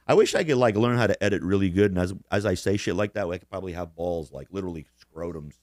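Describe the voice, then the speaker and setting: A man's voice: low-pitched, quick pace, darkish tone, dry recording, studio quality. A man co-hosting a casual podcast chat, profane and boastful, laughing often at his own stories. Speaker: podcast co-host.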